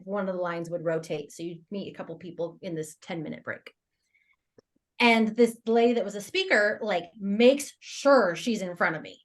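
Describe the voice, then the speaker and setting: A woman talks through a personal story as a podcast guest, at an ordinary mid pitch for a woman. Her delivery is animated and conversational, with frequent laughter, and she slips into quoting her own inner thoughts as she goes. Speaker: guest entrepreneur.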